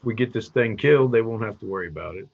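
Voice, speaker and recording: A man with a very low voice, playing in a casual tabletop game session. He answers in short, matter-of-fact bits. The sound is dull and lo-fi. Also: animated, quick pace, creaky. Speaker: player.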